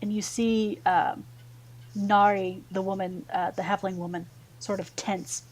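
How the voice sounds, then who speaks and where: A woman narrating a tabletop fantasy game as game master, relaxed with many fillers. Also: mid-range voice, measured pace, low-quality recording.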